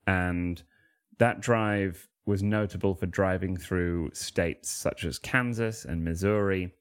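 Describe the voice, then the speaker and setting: A man's voice: low voice, fairly even intonation, takes it slowly, clean tone. A man with a Mancunian accent, a comedian guest telling wry, rambling anecdotes in casual chat. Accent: Mancunian English. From Manchester, England. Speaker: guest, comedian and freestyle rapper.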